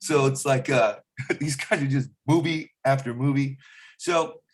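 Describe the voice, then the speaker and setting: A stand-up comedian telling a rambling story, often restarting sentences and slipping into quick celebrity impressions. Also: male voice, medium pitch. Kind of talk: animated storytelling.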